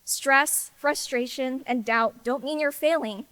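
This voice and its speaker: High, smooth-voiced young woman giving a speech. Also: takes it slowly, dry recording. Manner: earnest, warm and a little emotional. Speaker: class president. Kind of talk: ceremony speech. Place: hall with audience.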